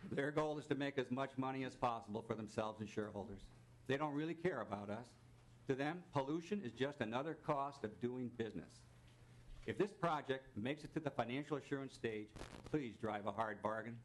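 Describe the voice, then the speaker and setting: A man's voice: mid-range voice, a little fast. A man in his sixties, a recently retired financier, reading prepared testimony to a legislative committee in a formal, pointed way with dry mock-salesman asides. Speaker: witness testifying at a legislative hearing. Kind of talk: prepared testimony read aloud. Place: legislative committee hearing room.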